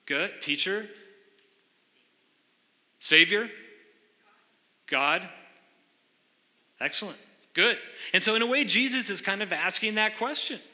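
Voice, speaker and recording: A man's voice: sits high, slow, long pauses, sharp tone. A man preaching a sermon as pastor, earnestly explaining scripture and questioning his congregation in a church sanctuary. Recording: long hall reverb.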